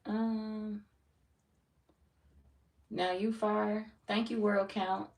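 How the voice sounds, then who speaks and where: A woman with a St. Louis, Missouri accent chats loosely with her livestream viewers, playful and profane. Her voice has a gravelly fry to it. The sound is roomy and echoey, picked up from some distance. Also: medium pitch, level tone, extremely slow. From Saint Louis, Missouri. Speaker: tarot reader hosting a livestream. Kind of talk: casual livestream chat greeting viewers. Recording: roomy echo, mic at a distance.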